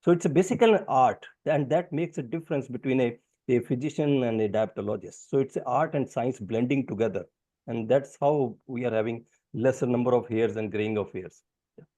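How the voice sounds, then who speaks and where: A man's voice: mid-range voice, brisk, mellow. A middle-aged man with an Indian English accent, a diabetologist explaining clinical scenarios step by step on a webinar in an emphatic, teaching manner. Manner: emphatic, didactic, lecturing in steps. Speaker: diabetologist panelist. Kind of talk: webinar talk.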